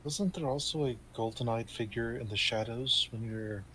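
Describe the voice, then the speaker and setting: A man playing a tabletop role-playing game, thinking through the story out loud. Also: medium pitch, moderate pace, slight background noise, poor audio. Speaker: player.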